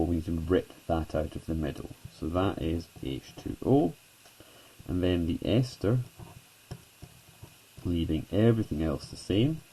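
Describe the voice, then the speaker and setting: A low-voiced man teaches a chemistry lesson, with plenty of gravel in his tone. He keeps it chatty and self-deprecating, leaning on "okay" and "so" as he walks students through each step. The voice sounds dark and a little husky. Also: low-quality recording. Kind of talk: whiteboard lesson narration.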